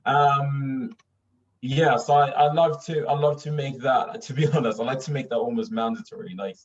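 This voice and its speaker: A man from Sweden chatting casually in an animated way, often repeating himself and laughing through his stories. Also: mid-range voice, normal speed, slight background noise. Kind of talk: casual conversation. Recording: distant, dull lo-fi mic.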